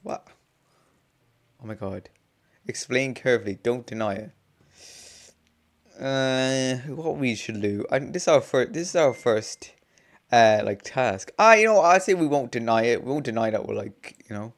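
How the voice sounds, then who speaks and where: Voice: mid-range voice, expressive, unhurried, long pauses. A young adult gamer casually reading a visual novel aloud, chatting between lines, laughing often and swearing under their breath. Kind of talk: casual let's-play with read-aloud game text.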